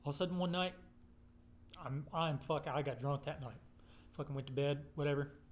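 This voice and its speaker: A man's voice: fairly high pitch, fairly quick, slight background noise. Swearing, rambling man. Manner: profane, rambling, swears constantly. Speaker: storyteller. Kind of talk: casual personal storytelling.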